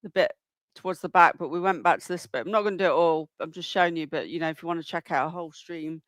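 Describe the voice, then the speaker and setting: A man hosts a livestream in a chatty, casual way, greeting viewers by name as he explains a clip. His voice sits high and sounds dry and close. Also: fast talker, a bit bright, no room sound. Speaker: livestream host.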